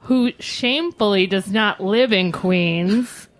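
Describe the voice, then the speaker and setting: Female co-host, mid pitch, blunt and teasing banter. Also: slow pace, rough recording. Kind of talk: casual banter.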